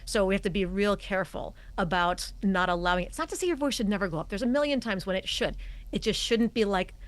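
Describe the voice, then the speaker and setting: A woman's voice: mid-range voice, quick pace. A middle-aged woman, a communication coach, who explains her points emphatically and acts out voice habits as examples during a podcast interview. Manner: emphatic, demonstrates voice habits as she talks.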